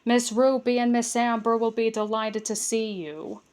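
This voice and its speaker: A woman's voice: fairly high pitch, fairly even intonation, normal speed, a little mellow, lightly acted. A woman voicing a courteous male frog servant in a read-aloud storybook, speaking formally. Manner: formal, respectful.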